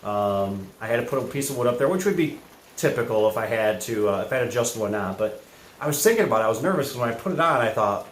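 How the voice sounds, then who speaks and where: A man's voice: medium pitch, animated, fast. A man with a Midwestern American accent, a garage door technician talking his way through a job in a casual, rambling vlog style full of fillers and self-corrections, soaked from the rain. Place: indoors in a shed, then outdoors in the rain. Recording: echoey space with faint ambient noise.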